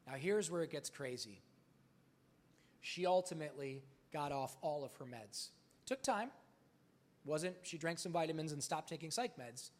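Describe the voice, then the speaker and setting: Man, motivational speaker, somewhat high voice, candid storytelling, swears casually, live on stage. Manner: acts out dialogue in stories.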